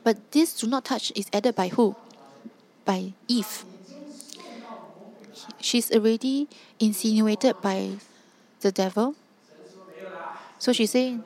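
A woman's voice: a little high, slow pace, pauses often, darkish tone. A woman preaching a sermon, emphatic and driving points home with repeated rhetorical questions.

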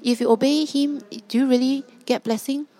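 A woman's voice: high-pitched, fairly even intonation, normal speed, mellow. A woman preaching a sermon, emphatic and driving points home with repeated rhetorical questions.

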